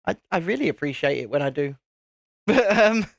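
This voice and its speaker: A man's voice: fairly high pitch, very animated, normal speed, creaky, dry recording. A man hosting a live stream, chatting casually and rambling while he builds a set, with the odd casual swear. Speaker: channel host.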